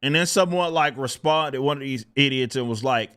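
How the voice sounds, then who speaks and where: A man's voice: medium pitch, a little slow, long pauses, a bit bright, clear, resonant tone. A man hosting his own channel, venting in casual, profane, exasperated commentary and often breaking into laughter. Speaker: channel host.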